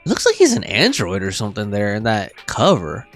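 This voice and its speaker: A man's voice: fairly low pitch, huge pitch swings, brisk, soft background music. A young man streaming a game live, chatting casually and rambling with fillers and restarts.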